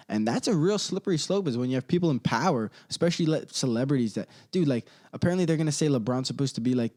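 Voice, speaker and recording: A man hosting a comedy podcast, ranting casually in slangy, rambling talk that swings between loud outbursts and low mutters. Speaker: podcast host.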